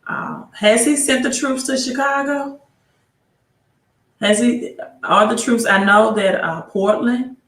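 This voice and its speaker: A woman hosting a casual livestream about money, rambling, greeting viewers by name and asking rhetorical questions. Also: medium pitch. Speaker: livestream host giving financial advice. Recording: roomy echo.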